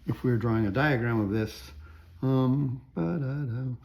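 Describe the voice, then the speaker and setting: In this recorded lecture, a man with a mid-range, darkish voice teaches music theory at a moderate pace. He reasons out loud through an example, tags sentences with frequent "right?" questions, and occasionally sings a melody using nonsense syllables.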